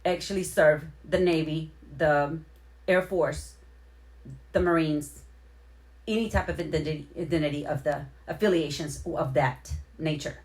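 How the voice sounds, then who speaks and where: A woman with a slightly low voice talks casually to her live-stream viewers. She repeats and rephrases herself as she explains, then greets people one by one by name. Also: a little slow. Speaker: livestream host.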